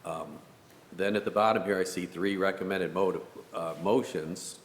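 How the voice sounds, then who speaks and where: A man's voice: low-pitched, steady tone, normal speed. A council member weighing a request aloud, hesitant and wry, thinking as he talks. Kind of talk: council meeting deliberation. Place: council meeting chamber. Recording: echoey chamber with faint hiss.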